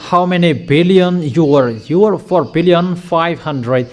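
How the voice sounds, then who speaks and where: Slow, emphatic male preacher. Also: fairly high pitch, darkish tone. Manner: emphatic, declaiming, repeating commands. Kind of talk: sermon.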